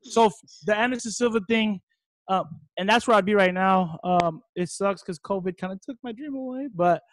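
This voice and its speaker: A young man from Hawaii telling his story as a fighter in a casual interview, rambling and excitable, now and then bursting into loud shouts. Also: high voice, normal speed, slight background noise.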